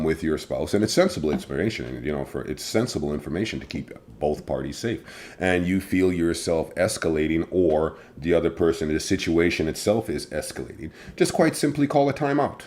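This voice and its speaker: A man with a very low, deep voice talks about family life in a loose, colloquial way. He laughs easily and teases playfully between stretches of earnest reflection. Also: fairly quick, a little mellow. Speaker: family show co-host, father. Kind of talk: casual family chat.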